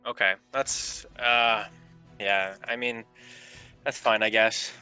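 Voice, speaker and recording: A man's voice: fairly low pitch, fairly even intonation, slow, pushed and bright, clear, resonant tone. A man playing a tabletop game in casual chat, asking lots of questions about what his character can do. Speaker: player. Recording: dull lo-fi stream audio with faint music.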